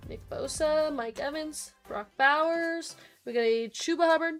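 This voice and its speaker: Young woman, high voice, breaks host, quick chatty name lists, faint music behind. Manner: rapid listing of names, chatty asides to viewers. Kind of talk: live-stream card break commentary.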